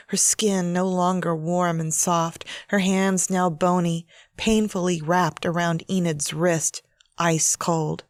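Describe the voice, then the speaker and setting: A woman author reading her own novel aloud in a measured, steady audiobook narration. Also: on the low side, no room sound.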